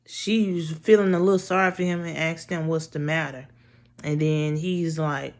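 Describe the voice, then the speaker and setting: Woman vlogger, slow and low, blunt and profane, storytelling to camera. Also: steady tone. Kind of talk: casual storytelling.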